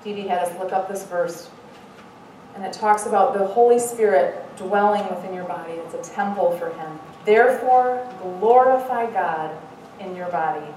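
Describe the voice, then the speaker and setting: A middle-aged woman giving an earnest devotional talk as a Bible study speaker, mixing in lively self-mocking stories. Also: medium pitch, normal speed. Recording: echoey room, mic far off, faint noise.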